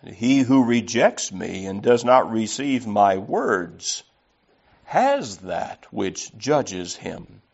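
A man's voice: fairly low pitch, sing-song, extremely slow, creaky, a little mellow. A man preaching an earnest, emphatic sermon and reading scripture aloud. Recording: slightly dull lo-fi recording.

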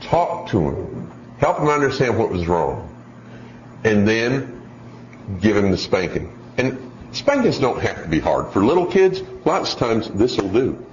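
Animated male preacher, roomy hall. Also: lowish voice, measured pace. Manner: animated storytelling with acted-out voices. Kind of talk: sermon. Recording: dull roomy hall sound, faint noise.

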